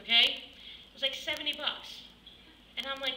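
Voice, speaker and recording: A woman's voice: high-pitched, a little slow, long pauses. A woman doing a stand-up comedy set, brash and working the crowd on stage in a comedy club. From Massachusetts. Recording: echoey room from far off, noisy. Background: club audience.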